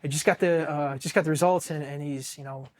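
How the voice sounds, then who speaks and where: Blunt, profane American man, higher voice. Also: steady tone, a little fast, darkish tone. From Ohio, United States. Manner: blunt, profane, with many restarts and quoted dialogue. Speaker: Marine veteran guest. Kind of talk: personal story in an interview.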